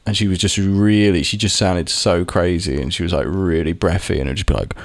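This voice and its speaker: A man's voice: low voice, steady tone, brisk, hardly any pauses, dry recording. A young man talking casually to camera, rambling with lots of restarts and the odd swear word. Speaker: vlogger. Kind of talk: casual monologue.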